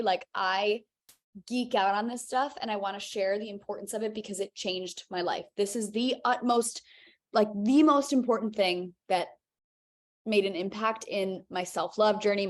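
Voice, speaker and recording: An upbeat young woman talks straight to the camera as she leads a live online wellness class. She sounds casual and encouraging, and she keeps checking in with her viewers as she goes. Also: mid-range voice. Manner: energetic, encouraging, casual with frequent "okay?" check-ins. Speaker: health and weight loss coach.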